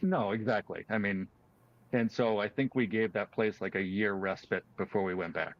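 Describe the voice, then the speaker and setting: A man hosting a casual chat, telling his own story in a relaxed, chatty way with restarts. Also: fairly low pitch, moderate pace. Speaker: host. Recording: dull lo-fi sound.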